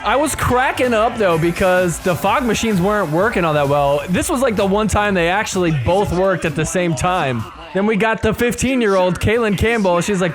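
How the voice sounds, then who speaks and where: A man hosting a podcast, recapping match highlights in casual play-by-play style, chuckling often and doing quick voices for the players. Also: animated. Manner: impersonates players in quick asides. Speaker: podcast host.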